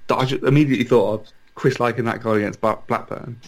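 A man co-hosting a casual football podcast who teases his friend between laughs. He often repeats words as he goes. His voice sits at an ordinary mid pitch. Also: steady tone, quick pace. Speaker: podcast co-host.

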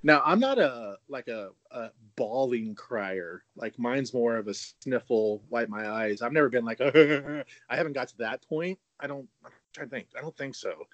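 A man's voice: medium pitch, moderate pace, no echo, lo-fi sound. A man in his thirties in a casual podcast chat, talking loosely with frequent restarts and easy laughter. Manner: chatty, laughs easily, many restarts.

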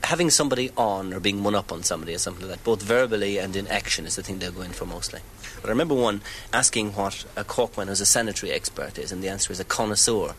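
A man's voice: lowish voice, racing, fairly bright tone, a little hiss or hum, low-quality recording. A man giving wry, anecdotal commentary in an interview. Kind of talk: reflective commentary.

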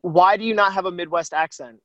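A man's voice: high voice, brisk, sharp tone, dry recording. A man hosting a casual podcast chat, teasing his guest in an upbeat way and dropping plenty of "like" fillers. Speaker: podcast host.

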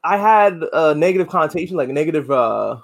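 A man co-hosting a podcast in relaxed casual chat, asking questions and giving brief replies. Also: fairly high pitch, quick pace, vocal fry. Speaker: podcast co-host.

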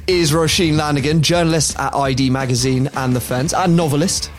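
A man's voice: fairly high pitch, fairly even intonation, brisk, soft background music. Chatty, jokey male podcast host. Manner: jokey, chatty, laughs often. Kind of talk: casual chat.

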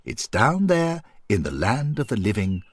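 A man voicing a kindly old male spirit who gently encourages and praises a friend. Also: on the low side, wildly swooping pitch, measured pace, no echo, clean studio sound, full character voice. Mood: solemn, proud.

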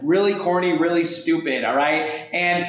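A man co-hosting a podcast, telling a story in an energetic, coach-like way. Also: a little high, normal speed. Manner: energetic, coach-like, swings loud when excited. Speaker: podcast co-host. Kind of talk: animated storytelling. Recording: echoey room, dull lo-fi sound.

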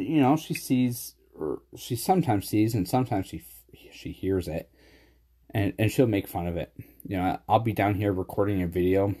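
A man with a lowish, mellow voice talks casually with a friend. He tells stories with animation and keeps breaking into laughter. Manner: laughs often, animated storytelling. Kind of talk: casual chat.

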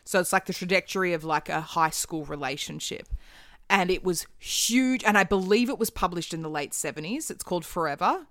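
A woman's voice: lowish voice, a little fast, a bit bright, dry recording, studio quality. A woman, chatting casually as a podcast co-host and telling stories with the odd curse word. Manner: chatty storyteller, swears casually. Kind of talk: casual chat.

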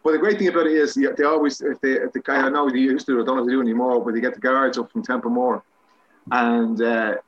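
Irish man, husky voice, rambling anecdotes, casual interview, dull lo-fi sound. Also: mid-range voice, flat delivery, quick pace. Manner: rambling, self-mocking anecdotes with many restarts. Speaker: guest, actor.

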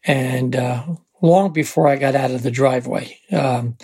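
An older man with a very husky voice, telling a personal story in a rambling, halting way with many fillers and restarts. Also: mid-range voice, mellow. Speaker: interviewee.

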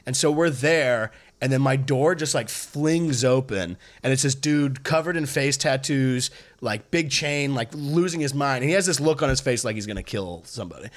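Male comedian-host, mid-pitched, rambling anecdote delivery with constant "like" and "uh", profane and loose. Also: animated, moderate pace. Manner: rambling, profane, many fillers and restarts. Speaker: stand-up comedian and podcast host. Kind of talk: casual storytelling chat.

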